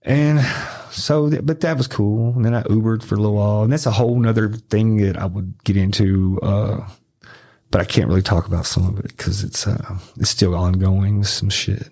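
A man, a podcast guest telling profane, animated stories and acting out the voices of the people in them. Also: fairly low pitch, normal speed. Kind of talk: casual storytelling.

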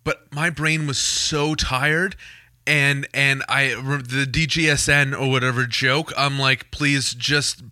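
A man from Canada co-hosting a casual podcast, joking quickly and laughing often. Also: mid-range voice, fairly even intonation, bright, forceful tone, no echo, studio quality. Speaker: podcast co-host.

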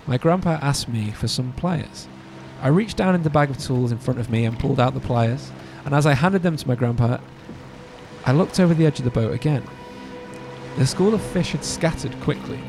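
A man's voice: medium pitch, moderate pace, soft background music. A man hosting a podcast, reading a spooky story aloud with joking asides. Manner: animated, joking asides between narration. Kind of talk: casual storytelling read-aloud.

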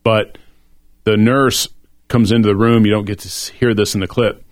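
A man's voice: fairly low pitch, steady tone, normal speed, no echo. A middle-aged man talking earnestly and reflectively on a faith-based discussion show.

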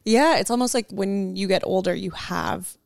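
Chatty young woman with a gravelly edge. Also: mid-range voice, moderate pace, no echo, clean studio sound. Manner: chatty storyteller, many "like" fillers. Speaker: guest. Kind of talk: casual podcast conversation.

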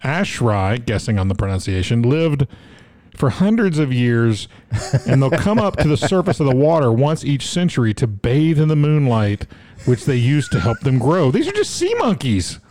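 A man's voice: mid-range voice, expressive, normal speed, a little mellow, no echo. A man co-hosting a casual comedy talk show, reading odd news stories aloud and joking about them. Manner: joking, reads headlines aloud, stumbles over odd names.

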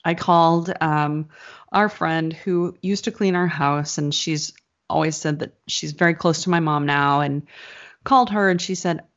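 A woman's voice: sits low, a little slow. A woman telling a story in a casual chat, rambling and full of "like" fillers. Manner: rambling, filler-heavy, animated retelling. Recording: slightly dull lo-fi sound.

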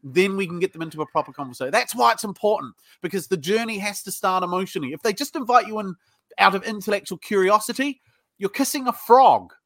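A middle-aged man with a British accent, talking in a high, bright voice. He is blunt and profane, and he acts out both sides of phone sales calls as he tells stories in a podcast interview. The recording is dry and close to the mic. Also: lively intonation, fast, no echo. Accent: British English. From United Kingdom. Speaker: sales trainer, guest.

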